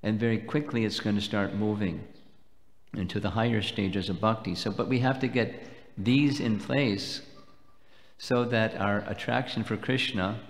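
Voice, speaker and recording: A low-voiced man delivers a measured devotional lecture, pausing to explain each point. His voice rings out with a long reverb that fills the temple hall. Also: steady tone. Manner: measured, explanatory, slow and deliberate. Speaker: swami lecturing at a festival.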